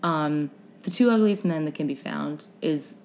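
A woman's voice: low voice, unhurried, darkish tone, slight background noise. A young woman hosting a casual chat podcast, reading history notes aloud with wry asides and stumbling over unfamiliar names. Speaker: podcast host.

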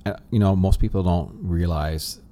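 A man hosting a casual interview chat, relaxed and halting, with fillers. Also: low voice. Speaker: podcast host.

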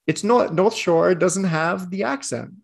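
A man's voice: high voice, unhurried, creaky, husky. A man with a Long Island accent in a casual sports chat, laid-back and wry.

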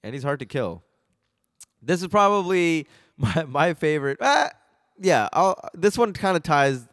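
A man's voice: a little high, sing-song, unhurried, fairly bright tone, dry recording, studio quality. A man co-hosting a casual podcast, laughing often and acting out movie lines in put-on voices. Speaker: podcast co-host. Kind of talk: casual chat.

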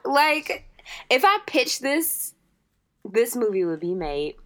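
A woman's voice: fairly high pitch, very animated, slow pace, a bit bright. A young woman co-hosting a podcast in casual chat, playful and joking, using casual slang. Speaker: podcast co-host.

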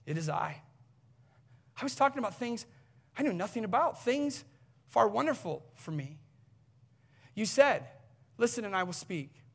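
A man's voice: high voice, very animated, normal speed, vocal fry, pauses often, heavily acted. A man preaching, reading aloud the words of Job as a humbled, suffering man taking back what he said.

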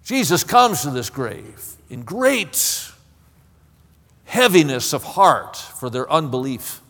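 A man's voice: a little high, sing-song, takes it slowly, vocal fry, fairly bright tone. A man preaching a sermon in an impassioned way, often stammering and repeating words. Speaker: pastor. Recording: long hall reverb.

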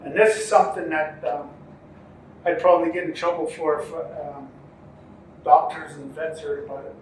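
A man's voice: a little high, little pitch movement, a little hiss or hum. A man who races horses in relays, telling a story in an interview with many ums and restarts, acting out what others said. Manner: halting, many ums and restarts, acts out quoted talk. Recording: echoey room, mic far off, faint ambience.

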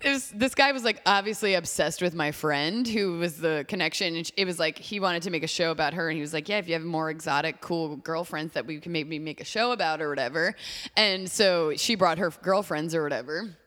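Bright, animated young woman telling a story. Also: deep voice, fairly quick, in a large hall. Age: young adult. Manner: animated storyteller, swears freely, acts out quotes. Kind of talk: casual chat.

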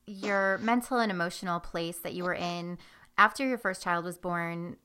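A woman's voice: on the low side, normal speed, sharp tone, smooth. A woman hosting a podcast, asking friendly questions with some hesitation and fillers. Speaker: podcast host. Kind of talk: conversational interview.

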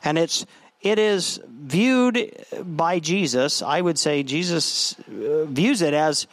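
A man with a slightly high voice preaches a sermon in an easy, conversational way. He often restarts his phrases as he goes. The sound is dry and close. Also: expressive, slow, dry recording. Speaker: pastor.

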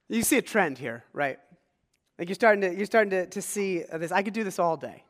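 High-voiced pastor preaching in a big hall. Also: male voice, fairly bright tone. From rural Pennsylvania. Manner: conversational, engages congregation with questions. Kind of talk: sermon. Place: church sanctuary.

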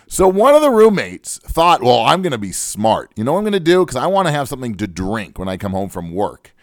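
A male talk-radio host with a slightly high, very animated voice that swoops up and down as he rants. He is fired up and joking, hammering his points home in a close, dry studio sound. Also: no room sound. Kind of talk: comic talk-radio rant.

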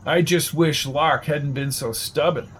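A man voicing a calm, low-key investigator in even tones. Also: measured pace, slight background noise, natural voice.

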